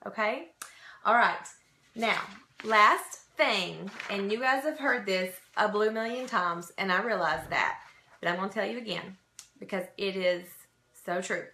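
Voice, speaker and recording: A woman's voice: medium pitch, measured pace, sharp tone, roomy sound, slight background noise. A woman giving an emphatic, repetitive motivational training talk to her sales team.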